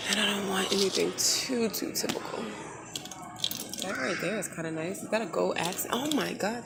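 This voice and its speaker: A woman chatting casually and excitedly to her phone camera as she browses a large home decor store. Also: mid-range voice, gravelly. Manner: chatty, excitable, thinks aloud. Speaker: vlogger. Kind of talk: casual shopping vlog. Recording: store background music. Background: store music playing.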